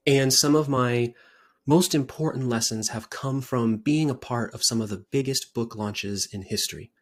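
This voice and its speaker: A man speaks straight to camera in an earnest, persuasive sales pitch, leaning on repetition to drive each promise home. His voice sits at an ordinary middle pitch. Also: normal speed. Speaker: founder pitching a book service.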